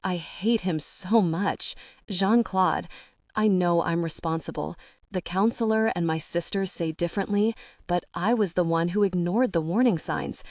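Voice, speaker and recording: A woman voicing a grieving, guilt-ridden young woman who talks in halting, anguished confessions. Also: fairly low pitch, darkish tone, no room sound, studio quality.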